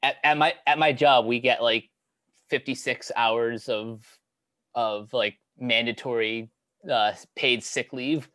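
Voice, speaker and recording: A young man talking casually on a podcast, halting with many fillers and restarts. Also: medium pitch, fairly even intonation, bright, forceful tone, dry recording. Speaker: podcast co-host. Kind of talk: casual chat.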